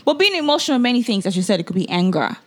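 A young woman co-hosting a casual chat, animated and acting out other people's lines in mocking voices. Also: a little high, racing. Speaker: podcast co-host.

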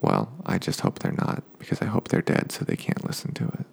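A man telling a casual spoken anecdote, rambling along with digressive asides and dark jokes. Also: a little fast. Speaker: storyteller.

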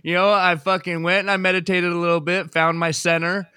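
A man co-hosts a podcast, telling stories in a halting, profane ramble full of restarts. His pitch sits a bit high and his tone is bright. The sound is close and dry. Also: little pitch movement, smooth, no echo. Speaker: podcast co-host. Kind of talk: crude casual podcast banter.

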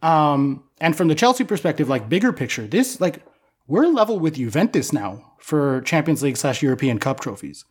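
Young male co-host, slightly high, loose and excitable, swears in casual chat. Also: moderate pace, husky. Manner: excited, swears freely, rambling fan talk. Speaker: podcast co-host.

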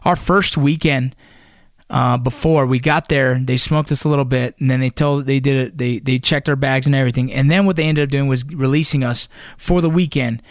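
Ex-Ranger man, mid-pitched, dry close sound, swears freely, loose storyteller. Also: fairly even intonation, a little fast, no room sound. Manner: blunt and profane, with many fillers. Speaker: former Army Ranger. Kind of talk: casual storytelling.

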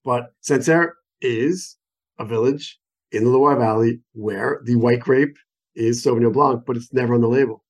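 His voice is husky and medium in pitch, and he speaks at a normal speed. An American wine expert on a phone call, he offers a conversational interview explanation that's enthusiastic, digressive, and packed with examples.

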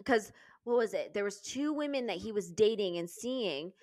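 Excitable woman podcast co-host. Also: medium pitch, normal speed, dry recording, clean studio sound. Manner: excitable, swears, laughs often. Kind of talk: casual chat.

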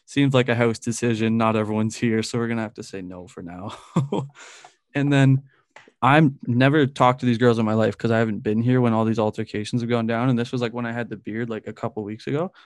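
A man's voice: mid-range voice, steady tone, fairly quick, no echo. Young man, twenties, rambling storyteller, dry close sound, laughs a lot. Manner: rambling, fills speech with "like", laughs often. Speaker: podcast co-host telling a story. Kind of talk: casual storytelling chat.

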